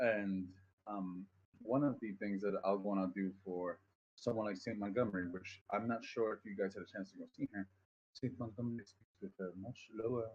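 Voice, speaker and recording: A man with a husky, somewhat low voice talks loosely through a voice-acting lesson on a stream. He rambles, curses freely and jokes at his own expense. The audio is dull and lo-fi. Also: darkish tone. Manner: rambling, profane, self-deprecating. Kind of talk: casual voice-acting tutorial on stream.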